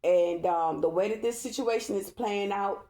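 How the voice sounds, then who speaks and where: A woman's voice: medium pitch, moderate pace, warm tone. A woman tarot reader talking to her viewers in a casual vlog, emphatic and repetitive and checking in with "okay?". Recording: echoey room.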